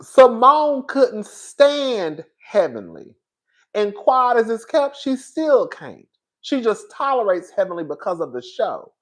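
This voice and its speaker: A man with a high, bright-edged voice talks through a live stream in a sassy, animated way. He keeps calling his viewers "girl," laughs a lot and swears without a second thought. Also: slow pace. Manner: laughs often, swears freely. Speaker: reality TV show reviewer. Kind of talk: live-stream commentary, reading chat.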